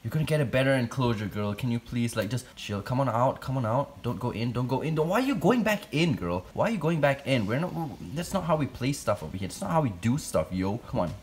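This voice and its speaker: A man vlogging as he handles a spider, jumpy and excitable, talking to his viewers and coaxing the animal, recorded on a phone at home. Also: mid-range voice, quick pace, hardly any pauses, slight background noise. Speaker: tarantula keeper vlogger. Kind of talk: casual vlog narration. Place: room at home. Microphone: phone camera.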